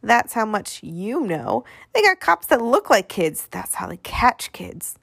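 A woman's voice: sits high, big pitch swings, dry recording, studio quality, voice pushed up. A woman doing a brash, bossy little runaway boy. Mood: suspicious. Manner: bossy, bickering, quick to yell.

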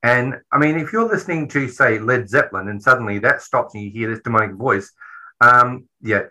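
Bright-voiced man recapping a film. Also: medium pitch, a little fast, rough recording. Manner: rambling, swears freely, restarts often. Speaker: podcast co-host. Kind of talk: casual film recap chat.

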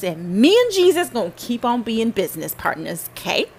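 A woman's voice: mid-range voice, very animated, brisk, hardly any pauses, fairly bright tone, breathy edge. A woman hosting a podcast, talking about faith in a casual, emphatic and preachy way, speaking straight to the listener. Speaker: podcast host.

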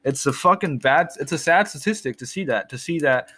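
A man's voice: fairly high pitch, expressive, a little fast, bright, forceful tone. A young man in a casual, rambling monologue, swearing often and repeating himself as he talks.

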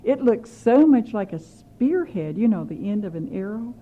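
A woman telling a children's story in an animated way, with chatty asides to the kids. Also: mid-range voice, normal speed. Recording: slightly muffled with faint hiss.

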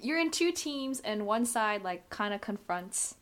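Casual woman co-host, mid pitch, rambling and giggly. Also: lively intonation, measured pace, a bit bright. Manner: chatty, lots of "like", laughs often. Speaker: podcast co-host recapping a drama. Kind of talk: casual chat.

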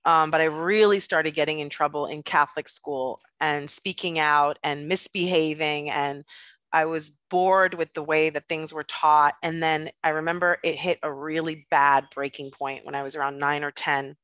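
A woman guest telling a personal story in conversation, animated and blunt, swearing freely. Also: sits low, normal speed, no echo.

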